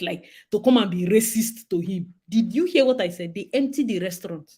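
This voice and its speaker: A young Nigerian-accented woman talks straight to her audience in a loose, chatty monologue. She speaks animatedly and slips easily into Pidgin phrases. Her voice sits at an ordinary middle pitch for a woman. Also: expressive, brisk, few pauses, mellow, husky. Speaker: host. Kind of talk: casual monologue.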